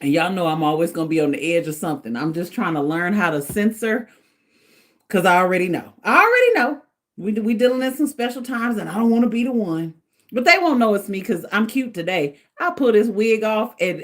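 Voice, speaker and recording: A middle-aged woman hosting a casual livestream, chatting in an animated way and laughing often. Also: a little high. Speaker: livestream host.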